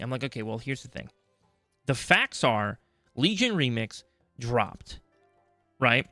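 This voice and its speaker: Male podcast co-host, bright and forceful, ranting casual chat, dry close mic. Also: medium pitch, unhurried, pauses often, no room sound, faint music behind. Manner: animated, acts out other people's voices.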